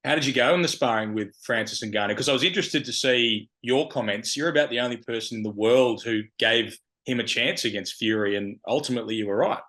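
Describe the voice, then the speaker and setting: A man's voice: medium pitch, a little fast, few pauses, fairly bright tone. A man interviewing a boxer, asking direct, curious questions. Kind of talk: casual interview.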